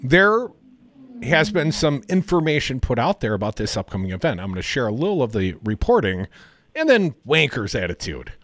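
A man's voice: medium pitch, big pitch swings, moderate pace, a bit bright, no room sound. A man from Madison, Wisconsin co-hosting a casual political talk radio show, sarcastic and opinionated in a chatty way. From Madison, Wisconsin, USA.

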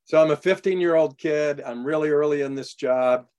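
A man being interviewed as an author, telling animated stories and acting out the dialogue. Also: a little high, moderate pace. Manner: animated anecdotes, acts out quoted dialogue. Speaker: guest author. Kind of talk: storytelling in a radio interview.

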